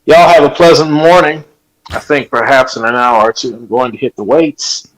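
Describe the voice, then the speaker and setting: A man's voice: mid-range voice, normal speed, poor audio. Prim, disdainful man in a played clip.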